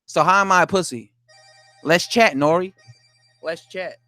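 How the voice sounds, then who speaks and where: Live streaming about boxing, this man reads out comments from chat and replies, laughing, cursing and getting indignant in a relaxed back-and-forth. His voice is high-pitched and sharp in tone, a little slow, and there's no room sound.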